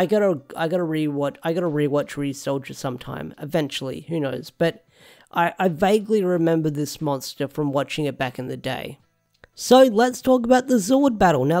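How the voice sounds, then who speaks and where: A young man talks through a show review in a loose, rambling way. His voice sits a little high for a man. He doubles back on phrases and thinks out loud while he talks. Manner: rambling, repeats himself, thinks aloud. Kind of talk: casual solo review talk.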